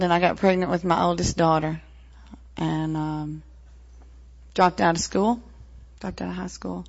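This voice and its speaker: A woman in her forties with a Southern American accent gives a plainspoken personal testimony to a meeting. Her lowish voice is gravelly with fry, and it comes through a dull, lo-fi recording. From American South, Tennessee-Mississippi line. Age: 40s. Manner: frank, plainspoken, with fillers and wry laughs. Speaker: recovery meeting speaker.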